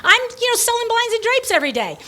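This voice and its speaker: A middle-aged woman, an interior design business owner and podcast host, telling a story in a breezy, blunt, animated way, with quick asides. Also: very high voice. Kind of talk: casual storytelling.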